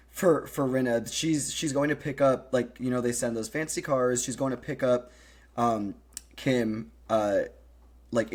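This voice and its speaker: A man co-hosting a casual chat podcast, talking fast with restarts and laughs, acting out quoted lines. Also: medium pitch, breathy edge. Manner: chatty, laughing, quick restarts and quoted voices. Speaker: podcast co-host.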